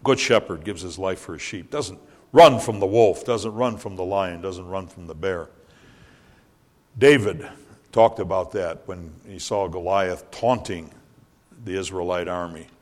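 An older man preaching with a somewhat low voice, his words ringing with long hall reverb. He tells his points plainly and then rises sharply in pitch and volume to drive them home. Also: unhurried. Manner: preaching, swelling loud and high on key lines. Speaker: pastor. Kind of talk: sermon.

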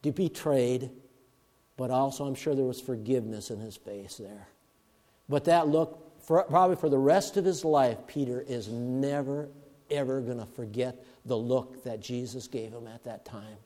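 A male preacher giving a sermon, swinging from loud emphatic bursts to hushed murmurs. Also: mid-range voice, normal speed. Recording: long reverb of a large hall.

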